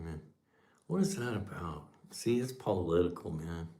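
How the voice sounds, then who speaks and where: A man's voice: low voice, moderate pace. A man, from Southern California, hosting a casual livestream chat in a rambling, laid-back way. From Southern California, USA. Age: 60s. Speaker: livestream host.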